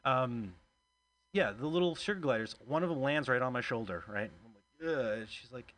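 A man's voice: medium pitch, lively intonation, moderate pace, a bit bright, slight background noise, rough recording. A man doing stand-up, telling a rambling story in a chatty, self-deprecating way and laughing at his own jokes. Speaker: stand-up comic and host.

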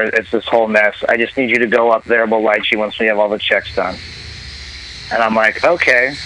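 A man telling a long comic story on a talk show, animated and profane, acting out what others said. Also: medium pitch, slight background noise, rough recording. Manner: animated, profane, acts out quoted voices. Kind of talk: casual storytelling.

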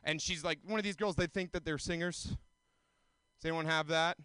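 A man in his twenties performing a self-mocking stand-up set, often jumping into high mocking voices. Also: fairly even intonation, normal speed, pushed and bright, clear, resonant tone, dry recording. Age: 20s. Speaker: stand-up comedian.

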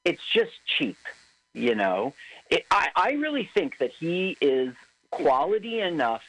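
Animated man chatting about movies. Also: on the high side, measured pace, poor audio. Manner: animated, rambling, laughs often. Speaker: co-host. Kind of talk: casual chat about movies. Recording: internet radio talk show.

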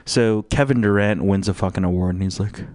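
Low-voiced man in a profane radio rant. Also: fairly quick, darkish tone, dry recording, studio quality. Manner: profane, rambling, mocking, full of fillers. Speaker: radio show host. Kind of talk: crude rambling radio rant.

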